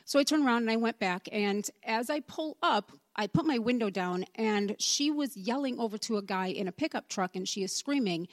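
Woman, church testimony, chatty storyteller, mid pitch, dry close sound. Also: fairly quick, no room sound. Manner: conversational storytelling, acts out the dialogue. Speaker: church member giving a testimony. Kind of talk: personal testimony told as a story.

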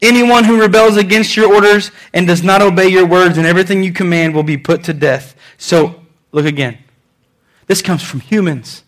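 A man with a high voice preaches a sermon with lots of energy. He swings between loud, emphatic lines and quieter ones, and he repeats his phrases to drive a point home. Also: normal speed. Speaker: pastor.

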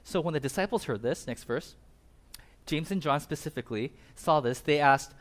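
Male pastor, slightly high voice, casual sermon, animated storyteller who acts out characters in brief asides. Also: moderate pace. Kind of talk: casual sermon retelling a Bible passage.

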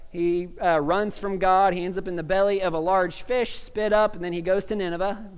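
A man preaching a sermon in a casual, animated way, stumbling into quick restarts and laughing at his own jokes. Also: high voice, smooth. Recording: long reverb of a large hall.

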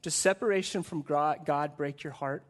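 A man with a high-pitched voice preaches a conversational sermon, stacking one rhetorical question on another. On the weighty points he drops to a soft, slow delivery. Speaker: pastor.

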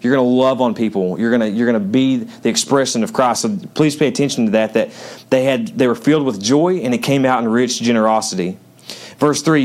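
A pastor preaches to his congregation in a relaxed, conversational way, teasing the crowd between verses. When he reads scripture, his delivery rises and slows for emphasis. His voice sits at an ordinary middle pitch for a man. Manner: conversational, joking, building to emphatic scripture reading. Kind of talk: sermon.

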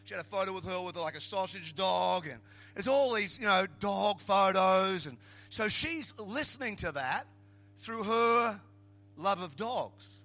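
Preaching a comic sermon, this middle-aged Australian man speaks a bit slowly with his voice pitched high. His animated, joking anecdotes climb toward forceful shouting.

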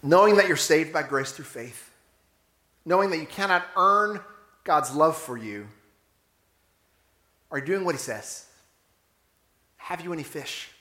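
In a high, bright voice, a pastor preaches at a measured pace, leaving long pauses and using lively intonation. He relates the story with animation and throws out rhetorical questions, while a spacious echo suggests a church sanctuary.

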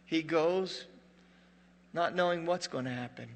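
A man preaching a sermon with a slightly high, sharp and forceful voice. He tells the story like a joking, conversational storyteller and sinks to a hush at dramatic moments. The long reverb of a big hall trails after his words. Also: unhurried, a little hiss or hum. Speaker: pastor.

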